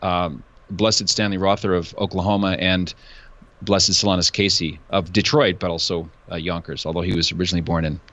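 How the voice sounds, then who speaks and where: A man's voice: low-pitched, little pitch movement, a little fast, fairly bright tone. A male host in a casual interview chat, joking and conversational. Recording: dull lo-fi sound.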